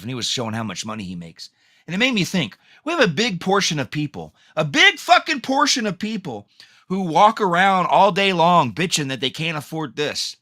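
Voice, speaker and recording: A man with a fairly high-pitched, sharp voice hosts his own podcast. Alone at the mic, he rants angrily and swears heavily.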